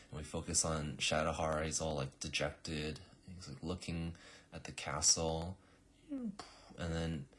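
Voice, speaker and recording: A man's voice: a bass voice, a bit bright, breathy edge. A man casually walking through a storyboard, retelling the scenes with lots of fillers. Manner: rambling, filler-heavy retelling. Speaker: animatic pitch narrator. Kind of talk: casual walk-through narration.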